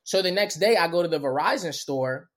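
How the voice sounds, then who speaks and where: A man, a comedian guest, telling a story on a podcast in animated, profane street slang. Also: fairly high pitch, fairly quick. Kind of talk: storytelling in casual chat.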